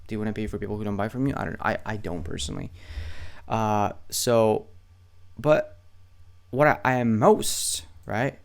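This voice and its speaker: A young man teaching email marketing in a loose, conversational tutorial, swearing freely and checking in with "right?" all the time. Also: fairly low pitch. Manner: loose, profane, conversational, keeps asking "right?". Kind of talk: casual screen-share tutorial.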